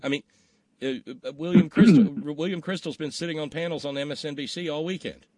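A man's voice: on the high side, brisk, warm tone. A man hosting a political talk show, blunt and wry, swearing casually as he reads listener questions.

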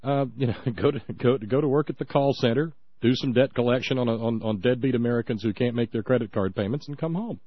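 A man co-hosting a political talk radio show, sarcastic and halting, with many fillers. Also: mid-range voice, no room sound. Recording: dull dry lo-fi sound.

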